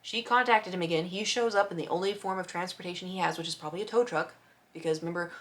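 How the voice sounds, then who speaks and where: A woman's voice: lowish voice, fast talker. Chatty woman telling a storytime. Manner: chatty, animated retelling with voiced quotes and sound effects. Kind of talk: casual storytime vlog.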